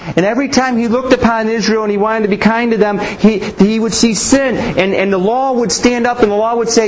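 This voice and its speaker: A man's voice: high-pitched, fairly even intonation, fairly quick, slight background noise, poor audio. A man preaching a Bible teaching sermon, asking rhetorical questions and often restarting his sentences.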